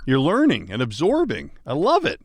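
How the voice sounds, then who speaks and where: A man's voice: a little high, huge pitch swings, normal speed, no room sound, studio quality. A man hosting a podcast, reacting with enthusiasm in casual chat. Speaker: podcast host.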